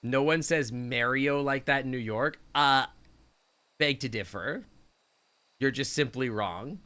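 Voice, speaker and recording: A man's voice: medium pitch, slow, pushed and bright. A Canadian man streaming a game live, rambling and joking with his viewers. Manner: rambling, jokey, chatting with viewers.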